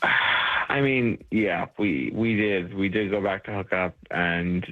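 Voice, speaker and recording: A man's voice: sits low, takes it slowly, phone-quality sound. Stammering man on a radio call. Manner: embarrassed, stammering. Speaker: caller.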